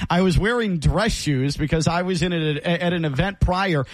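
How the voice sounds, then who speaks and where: A middle-aged man co-hosting a casual sports talk show, animated and jokey as he tells stories. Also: on the high side, normal speed, no room sound. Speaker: co-host.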